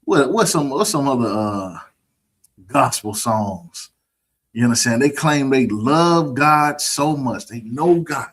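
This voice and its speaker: A husky-voiced man leads an online scripture lesson, preaching with a mocking edge. He keeps checking in with his listeners, asking whether they understand. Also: medium pitch, expressive, slow pace. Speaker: scripture teacher.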